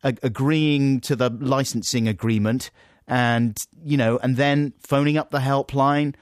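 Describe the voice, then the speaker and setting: A man's voice: mid-range voice, unhurried, dry recording, clean studio sound. A man co-hosting a radio show, chatting casually with wry, teasing humour. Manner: wry, teasing, animated storytelling. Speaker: radio co-host.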